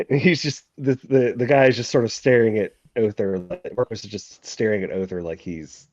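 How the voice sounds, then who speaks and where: A man narrating as game master of a tabletop role-playing game, halting and full of restarts. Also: lowish voice, darkish tone, dry recording, dull audio. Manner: halting, many fillers and restarts.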